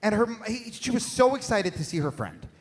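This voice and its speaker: A man performing a stand-up comedy set on stage, with profane, shouting rants and rapid asides. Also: sits high, big pitch swings. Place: live venue on stage.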